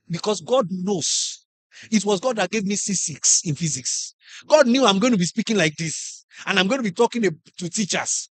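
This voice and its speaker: Animated high-voiced Nigerian man speaking. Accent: Nigerian English. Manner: animated storyteller, acts out classroom scenes, asks the audience questions. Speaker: conference speaker. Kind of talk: motivational talk to teachers.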